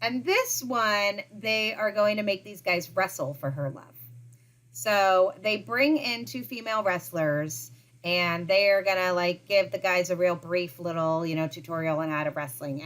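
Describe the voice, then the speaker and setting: A woman's voice: medium pitch, animated, normal speed, fairly bright tone. A woman in her thirties, co-hosting a casual chat, recapping a show with lots of "like" and laughs. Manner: chatty, recapping with frequent "like" and laughs. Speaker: podcast co-host.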